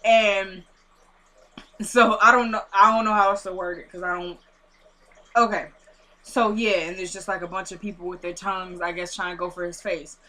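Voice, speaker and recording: A woman's voice: medium pitch, steady tone, moderate pace, pushed and bright. A woman casually recapping a TV episode, chatty and full of fillers, acting out the characters' lines as she goes.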